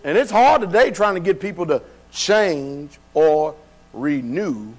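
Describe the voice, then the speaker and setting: A man's voice: fairly high pitch, lively intonation, measured pace. A male pastor preaching a sermon in a church, folksy and colloquial, often asking the congregation questions. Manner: call-and-response preaching, asks the congregation questions. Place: church sanctuary.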